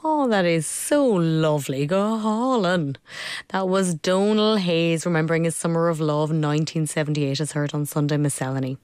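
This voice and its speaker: Female radio presenter, lowish voice, wry scripted links, dry studio sound. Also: normal speed, a little mellow, clear, resonant tone, dry recording.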